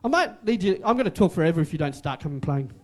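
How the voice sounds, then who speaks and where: A man's voice: on the high side, big pitch swings, fast, a little mellow. A man preaching a sermon as pastor, emphatic and repetitive, with joking asides.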